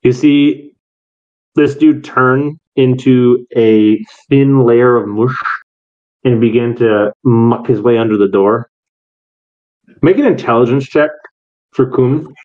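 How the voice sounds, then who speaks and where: A man running a tabletop role-playing game, narrating scenes and calling for dice rolls in a relaxed, matter-of-fact way. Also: medium pitch, slow pace, long pauses. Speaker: game master. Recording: muffled lo-fi recording.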